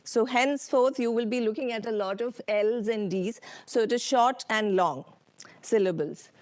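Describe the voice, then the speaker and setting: A woman with an Indian English accent presenting a lecture with slides, unhurried, with many ums and uhs and questions to the audience. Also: on the high side, darkish tone, no echo. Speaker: workshop speaker. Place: conference hall.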